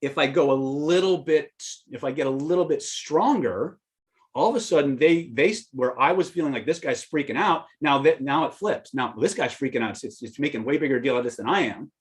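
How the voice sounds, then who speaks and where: Animated man teaching persuasion tactics. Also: mid-range voice, a little fast. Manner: animated, acts out quotes with sudden loud outbursts; conversational, with restarts and asides to listeners. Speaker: persuasion trainer. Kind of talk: live seminar storytelling and teaching.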